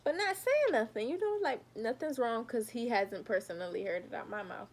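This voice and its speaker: A woman's voice: fairly high pitch, lively intonation, normal speed, a little hiss or hum. A young adult woman vlogging a casual storytime, talking straight to her viewers and animatedly retelling what happened.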